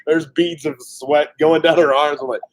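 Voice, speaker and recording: A man's voice: on the high side, fairly even intonation, moderate pace, a little hiss or hum. A man in his thirties co-hosting a casual live chat, telling a family hiking story and acting out his own lines. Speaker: co-host.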